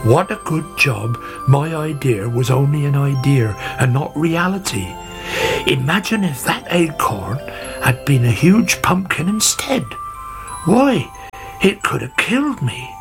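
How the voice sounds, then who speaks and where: Humble old grandfather gardener voiced by a man, slow storybook read, music behind. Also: on the high side, sing-song. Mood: rueful. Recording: music playing underneath.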